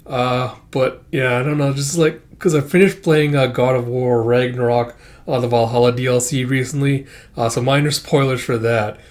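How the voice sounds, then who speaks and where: A man's voice: mid-range voice, steady tone, moderate pace. A man talking through his thoughts on a comic book in casual reaction commentary, rambling with heavy filler words and casual swearing. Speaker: comic reviewer.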